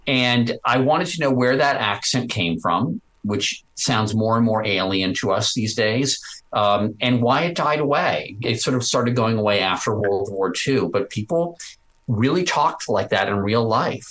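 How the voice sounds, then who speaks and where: A man being interviewed about his podcast, talking in a chatty, animated way with frequent restarts. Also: medium pitch, a little slow, rough recording. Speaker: podcast host as guest. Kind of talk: casual interview chat.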